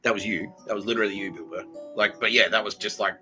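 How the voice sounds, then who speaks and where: A man's voice: on the low side, fairly even intonation, fast talker, music in the background, low-quality recording. A man hosting a solo podcast, rambling in a crude, jokey way and laughing often. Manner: crude, giggly, jokey, talks to an absent listener. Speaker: podcast host.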